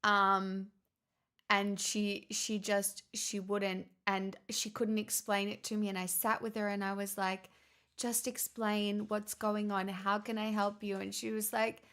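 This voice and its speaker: A woman's voice: mid-range voice, level tone, unhurried, fairly bright tone, clean tone. A woman streamer in casual chat, rambling and laughing often as she tells stories.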